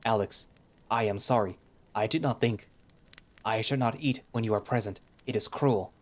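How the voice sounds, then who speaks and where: A man's voice: lowish voice, moderate pace, close to an everyday voice. A man voicing a stoic male creature warrior who speaks formally, in a visual novel reading. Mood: earnest. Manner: formal speech without contractions.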